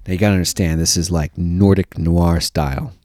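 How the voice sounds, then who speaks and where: A man hosting a podcast, telling a funny story with lots of laughter and mock-deadpan asides. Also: sits low, brisk, dry recording, studio quality. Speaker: podcast host. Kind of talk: comic storytelling.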